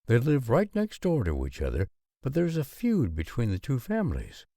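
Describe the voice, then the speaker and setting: A man's voice: mid-range voice, wildly swooping pitch, normal speed, vocal fry, warm tone, no room sound, clean studio sound, voice pushed up. A man voicing a middle-aged father who speaks earnestly and with emphasis. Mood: amazed. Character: middle-aged Dutch father, a man, warm then alarmed.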